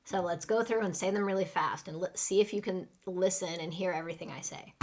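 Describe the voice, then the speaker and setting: A woman's voice: on the low side, fairly quick, few pauses, a little mellow. A woman teaching a live English lesson, patiently modeling restaurant phrases for students to repeat.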